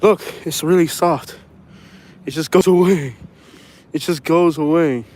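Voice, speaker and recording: A man's voice: fairly high pitch, unhurried, a little mellow. A man from Florida with a Southern accent, rambling in slangy street talk while walking outside in the snow, recorded on a handheld phone. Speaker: vlogger. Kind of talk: casual walking vlog. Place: outdoors on a snowy windy street. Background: traffic and outdoor ambience.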